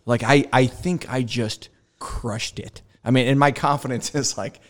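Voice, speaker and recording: A man in mid-range pitch tells a story on a podcast with lots of energy. He slips into quoted dialogue and breaks into laughter as he goes, in a relaxed chatty way. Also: measured pace, few pauses. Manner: animated, acts out quoted dialogue, laughs often. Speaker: podcast host, former carrier pilot. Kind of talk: casual storytelling chat.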